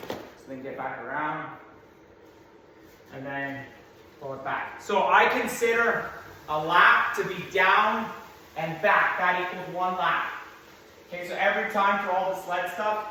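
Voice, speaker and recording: A slightly hoarse man coaching through a workout, giving practical cues in a large gym. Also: high-pitched, pushed and bright, slight background noise. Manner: practical, coaching cues, talks to his son in asides. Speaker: strength coach. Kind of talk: instructional workout walkthrough. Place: large echoey gym, indoors. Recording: echoey gym from a distance.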